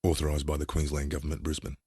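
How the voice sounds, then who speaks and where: A man's voice: extremely low pitch, completely flat delivery, quick pace, warm tone, husky, dry recording, clean studio sound. A man voicing a curt, sardonic announcer in a road safety ad. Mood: blunt.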